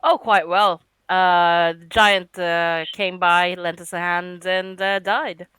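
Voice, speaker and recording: Player, slow and bright-voiced, laid-back and giggly, dry sound. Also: mid-range voice, level tone, clear, resonant tone, no room sound. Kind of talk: playing a tabletop game.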